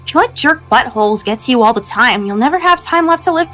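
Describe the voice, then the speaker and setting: A woman's voice: sits high, expressive, fast talker, bright, forceful tone, faint music behind, heavily acted. A woman voicing a hot-tempered, sporty teenage girl who sounds sheepish and defensive during a game playthrough.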